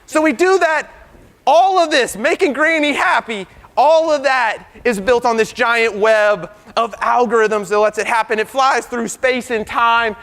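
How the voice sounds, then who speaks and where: A computer science professor giving an animated debate speech, firing rhetorical questions at the crowd. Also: male voice, extremely high pitch, a little slow. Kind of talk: lively debate speech to an audience. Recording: reverberant hall.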